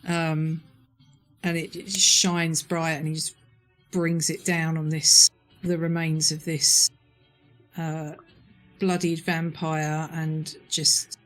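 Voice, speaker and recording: A man's voice: fairly high pitch, little pitch movement, slow pace, a bit bright, faint music behind. A man playing in a tabletop game, casual and describing his character's actions as he goes. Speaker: player.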